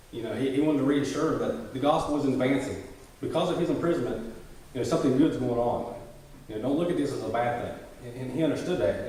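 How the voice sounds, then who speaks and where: A man reading a scripture passage and then explaining it in a relaxed, conversational teaching style, with frequent "you know" fillers and restarts. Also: medium pitch. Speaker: bible study teacher. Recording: roomy echo, voice from far off the mic.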